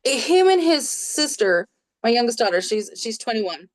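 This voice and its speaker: A woman in her forties, a clinical social worker, telling animated stories as a podcast guest from her home office and acting out quoted voices. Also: fairly high pitch, unhurried. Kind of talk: casual storytelling in a podcast interview.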